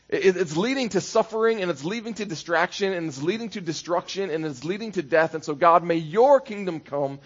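A man's voice: on the high side, expressive, fast, husky, highs cut off. A man preaching a sermon as pastor, conversational, building into rhythmic repeated phrases.

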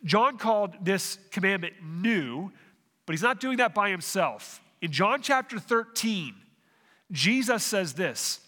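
A man's voice: high-pitched, animated, slow pace, sharp tone, long reverb tail. A man preaching a sermon, working through a passage verse by verse, often restarting phrases and asking the congregation questions. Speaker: pastor.

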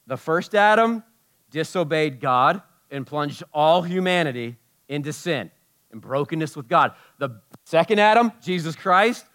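Pastor, male, slightly high voice, preaching with big swings between emphatic and hushed delivery. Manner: dynamic preaching, swinging from loud emphasis to hushed low tones. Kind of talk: sermon.

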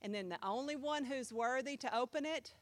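A woman pastor teaches her Bible class, chatty and animated, and keeps asking the room questions. Her voice sits a little high. The recording is dry and close, with no room echo. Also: brisk.

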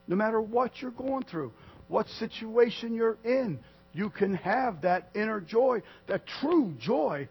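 Husky, high-pitched male preacher talking casually to a small flock, soft then loud, on a muffled recording with hum. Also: lively intonation, a little slow. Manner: conversational, swings from soft to loud, acts out quotes. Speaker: pastor. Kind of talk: sermon. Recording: dull lo-fi sound with mains hum.

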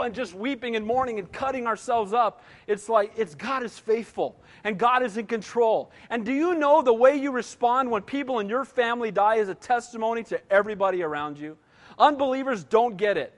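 Pastor in his 60s, very high voice, emphatic sermon, long hall reverb. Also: a little fast. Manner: emphatic preaching, repeatedly asking "Amen?".

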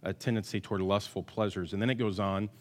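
A man's voice: lowish voice, steady tone, quick pace. Man preaching in a reverberant church hall. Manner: swings between loud emphatic bursts and quiet asides; self-deprecating, jokey. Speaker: pastor. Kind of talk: sermon.

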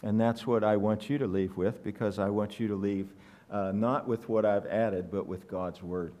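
A man preaching a sermon in an animated, emphatic way, often asking the congregation questions. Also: on the low side, moderate pace. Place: church sanctuary. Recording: long hall reverb.

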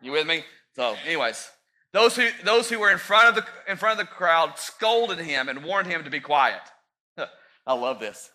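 A man in his thirties preaching a sermon as pastor, rising to loud peaks and dropping into joking asides. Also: on the high side, big pitch swings, moderate pace.

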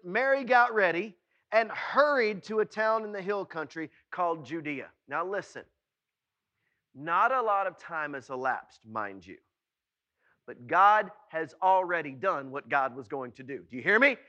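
High, bright-voiced animated preacher man. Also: measured pace, lo-fi sound. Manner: animated, calls out to listeners; acts out voices of the people in his story. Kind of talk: sermon.

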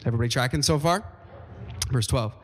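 A man's voice: mid-range voice, quick pace. Man preaching in a reverberant hall. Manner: emphatic preaching, calls out to the congregation. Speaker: pastor. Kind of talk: sermon. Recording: long reverb of a large hall.

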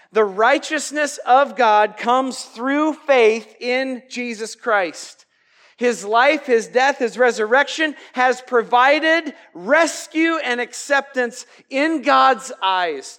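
A man's voice: high voice, fairly bright tone. A man preaching a sermon as pastor, conversational and emphatic, with joking asides.

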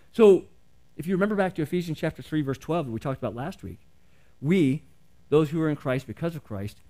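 A man's voice: fairly high pitch, a little mellow. A middle-aged male pastor preaching a sermon in an earnest, conversational way, asking the congregation questions.

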